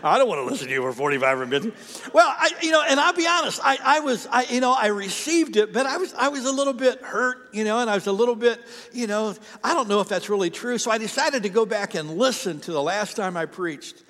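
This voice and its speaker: A man's voice: very high voice, a little fast, few pauses, bright, forceful tone, in a large hall. A middle-aged man in his fifties preaching a sermon, chatty and self-deprecating as he tells a story from his early ministry. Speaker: pastor. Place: church sanctuary.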